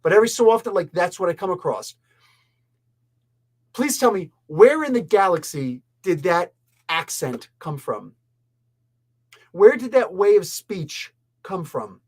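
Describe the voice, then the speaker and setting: A man's voice: high-pitched, very animated, measured pace, long pauses. A man from Canada hosting a casual review show, talking in an exasperated, rambling, emphatic way. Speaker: comic and pop culture reviewer.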